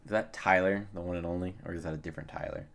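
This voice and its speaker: A young man streaming and chatting casually, rambling and trailing off into quiet mumbles. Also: deep voice, steady tone, racing. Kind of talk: casual live-stream chat.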